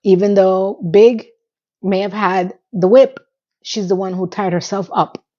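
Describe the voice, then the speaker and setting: A woman's voice: mid-range voice, fairly even intonation, measured pace, warm tone, highs cut off. A woman hosting a casual episode recap, chatty and emotional, holding back tears as she retells scenes at home. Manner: chatty, with fillers and self-interruptions. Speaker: recap podcast host.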